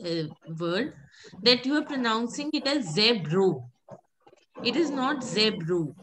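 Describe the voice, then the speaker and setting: Woman, higher voice, patient teacher, calls on students, noisy background. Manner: patient, repeats words, calls on students by name. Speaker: French teacher. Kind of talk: online pronunciation class.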